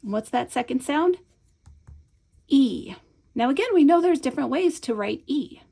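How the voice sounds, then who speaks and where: Gravelly-voiced woman teaching a lesson. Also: sits high, lively intonation, mellow. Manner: patient, explanatory, frequent "right?" check-ins; slows and stretches words when modeling sounds. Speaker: teacher trainer. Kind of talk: instructional video lesson.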